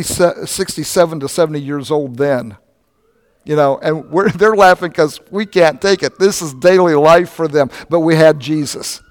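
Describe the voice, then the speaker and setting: Older guy preaching, chatty storytelling, echoey hall. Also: fairly high pitch. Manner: conversational storytelling preacher, animated asides. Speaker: pastor. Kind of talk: sermon.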